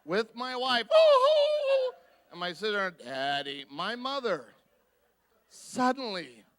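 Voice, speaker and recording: A man giving a guest sermon, telling a personal story in an animated way and acting out the voices of the people in it. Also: high voice, slow pace. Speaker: guest speaker. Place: church.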